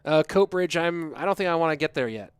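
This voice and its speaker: A man's voice: on the high side, animated, fairly quick, smooth, dry recording. A young man casting an esports tournament alone from his home office, chatting loosely with viewers between games. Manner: chatty, rambling, talks straight to viewers. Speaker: esports caster. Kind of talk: solo live-stream commentary and chat reading.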